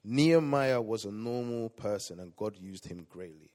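A male pastor preaching a sermon, swinging between loud emphatic lines and quiet asides. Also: fairly low pitch, lively intonation, moderate pace, few pauses. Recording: long hall reverb.

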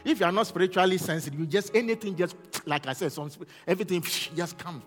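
A man preaching a fervent sermon as pastor, rising to shouts and asking the congregation questions. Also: a little high, quick pace, in a large hall, soft background music.

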